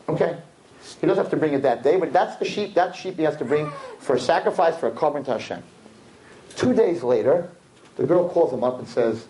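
A man teaching a religious lesson to a class, telling stories with lively acted-out voices and sudden pitch jumps. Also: brisk, a little hiss or hum, rough recording. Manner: lively storytelling, jumps high in pitch, acts out characters. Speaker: rabbi teacher. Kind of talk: animated classroom lecture.

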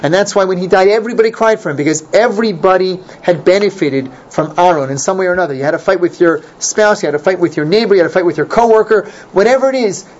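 A man teaching an informal Torah class, animated and repeating his points for emphasis. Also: sits high, fast, hardly any pauses. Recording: dull lo-fi recording, faint noise.

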